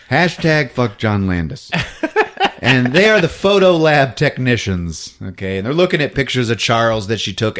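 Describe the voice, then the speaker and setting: A man hosting a podcast, recapping a film in an animated, laughing storytelling style. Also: medium pitch. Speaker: podcast host.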